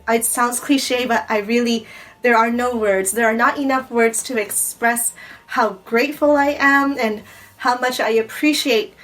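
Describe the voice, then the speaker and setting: A woman unboxing gifts in a casual vlog, gushing and excitable, often breathless with delight. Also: on the high side, low-quality recording. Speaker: YouTuber unboxing a gift box. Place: home in Japan.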